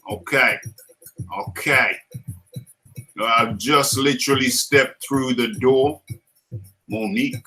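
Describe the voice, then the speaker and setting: A man's voice: mid-range voice, bright, forceful tone, low-quality recording. A man with a British accent hosting a casual live stream, playful and laughing often, repeating his lines as he reads the chat.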